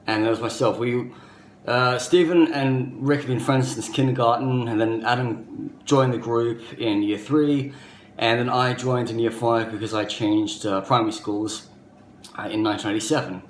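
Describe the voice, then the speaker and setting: An Australian man in his thirties tells a personal story in an earnest, rambling manner, his voice at an ordinary middle pitch. He is recorded in a roomy, echoey space, with a faint hiss of background noise underneath. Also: normal speed. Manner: earnest, rambling, leans on "basically" and "you know". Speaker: vlogger.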